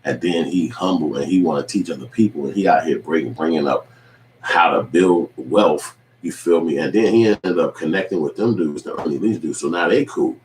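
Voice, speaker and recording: A man's voice: rumbling low, moderate pace, a little mellow, recorded from a distance. A man hosting his own show, giving a loose, profane recap with acted quotes. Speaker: online show host. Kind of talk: casual recap monologue. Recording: echoey room with faint ambient noise.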